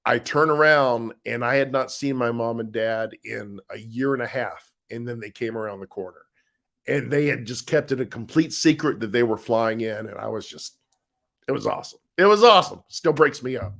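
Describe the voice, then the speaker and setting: Middle-aged male co-host, relaxed and rambling, chatting live with viewers, plenty of restarts. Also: fairly low pitch. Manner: easygoing, rambling, with frequent restarts and laughs. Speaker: co-host of a live chat show, husband of the author. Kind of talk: casual live-stream chat reading viewer comments.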